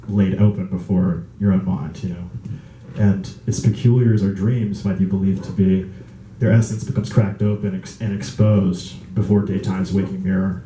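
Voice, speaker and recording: At an open mic in a small indoor live music venue, a man performs spoken word poetry, chanting in a repetitive, incantatory way with the odd casual aside. His voice is low and mellow, and the poor recording sounds roomy with a little hiss or hum.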